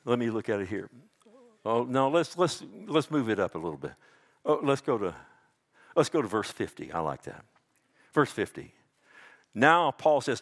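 A man preaching a sermon, calling his listeners "loved one", dropping to hushed tones and rising to loud emphatic peaks, with frequent restarts. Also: sing-song, normal speed. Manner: swings between hushed lows and loud emphatic highs; addresses listeners as "loved one", asks "amen?". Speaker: pastor.

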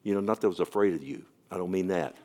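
Man preaching, loud then whispering. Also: low voice, rapid-fire. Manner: swings from loud preaching to hushed near-whispers; repetitive, emphatic, acts out dialogue in storytelling. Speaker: pastor. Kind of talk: sermon.

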